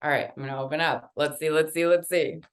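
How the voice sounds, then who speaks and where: A woman, a guest artist, telling a lively story while reading oracle cards, with a casual, conversational manner and frequent fillers. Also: sits low, fast talker. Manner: animated, conversational, many fillers.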